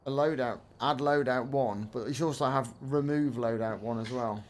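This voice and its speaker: A man with an average-pitched voice chats casually while streaming a game, wry and thinking aloud with frequent restarts. He is heard through a voice-chat gaming mic. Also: moderate pace, slight background noise. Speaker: streamer and host.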